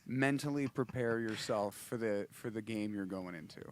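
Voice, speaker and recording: A man's voice: lowish voice, moderate pace. A man hosting a casual livestream, rambling and laughing, restarting his sentences often. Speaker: host and musician.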